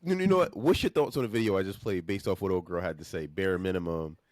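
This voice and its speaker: A man's voice: low voice, quick pace, no echo. A man co-hosting a podcast, talking in casual slang and acting out hypothetical exchanges. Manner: animated slangy talk, acts out hypotheticals. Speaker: podcast co-host.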